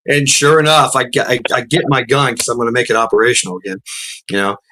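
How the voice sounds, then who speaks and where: A man's voice: medium pitch, fairly quick, slight background noise. Profane, rambling man telling a story. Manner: profane, rambling, frequent restarts; acts out quotes in a raised shouting voice. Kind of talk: casual storytelling.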